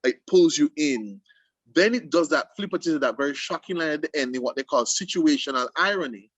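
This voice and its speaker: A man with a lilt hosts a casual poetry chat aimed at students, and he explains with animated, emphatic bursts and restarts. His voice sits a little higher than most men's, and the sound is dry and close. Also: a little fast, slightly rough, no echo, highs cut off. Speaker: host. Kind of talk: casual literary discussion for students.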